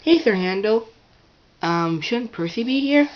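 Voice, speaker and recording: A woman voicing a cheerful young male tank engine in a home toy-train story, with excited, squeaky exclamations. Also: measured pace, dull audio. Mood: eager.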